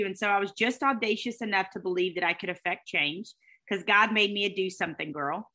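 A middle-aged woman, a guest telling her story in an expressive, fast way. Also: medium pitch. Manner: fast, expressive, with faith talk and laughter. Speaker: guest, speaker and former sportscaster. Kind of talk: animated storytelling interview.

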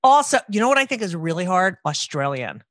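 Bright, rambling middle-aged woman host. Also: lowish voice, sing-song, a little fast, no echo. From New Jersey. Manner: rambling, profane, breaks off mid-sentence. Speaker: podcast host. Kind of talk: casual interview chat.

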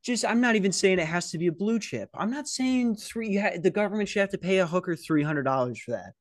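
A man's voice: sits high, lively intonation, quick pace, dry recording. Rambling, profane podcast host guy. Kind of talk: casual storytelling. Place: security office at night.

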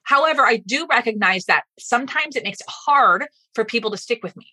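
A woman guest on a podcast interview, a fast-talking, animated storyteller giving advice. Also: fairly high pitch, no room sound. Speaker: guest speaking coach.

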